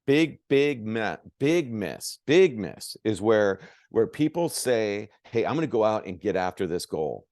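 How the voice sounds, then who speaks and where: A man's voice: on the low side, unhurried, few pauses, no echo, studio quality. A man giving a motivational sales talk as a coach, acting out both sides of conversations. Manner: animated, acts out both sides of dialogues.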